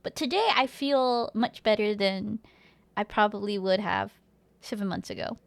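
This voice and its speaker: A woman's voice: mid-range voice, moderate pace, creaky, no echo. A woman streamer chatting casually with her viewers in a rambling, giggly way, reading chat aloud and humming now and then.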